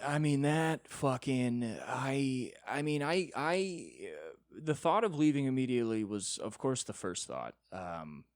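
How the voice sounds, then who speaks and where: A young man with a lowish voice tells a rambling comic story on his own podcast, profane and self-mocking. The sound is close and dry, with no room around it. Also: dry recording. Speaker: podcast host, comedian. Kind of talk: solo comedic storytelling.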